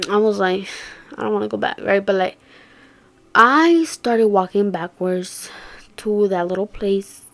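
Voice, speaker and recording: A young woman telling a story casually, swearing and slangy, jumping from loud outbursts to hushed murmurs. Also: mid-range voice. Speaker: vlogger.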